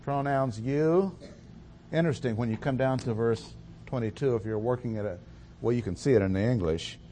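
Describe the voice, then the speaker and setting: A man preaching a verse-by-verse sermon, speaking deliberately and stressing key words, with fillers and restarts. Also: mid-range voice, dark tone, a little hiss or hum. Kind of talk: expository sermon.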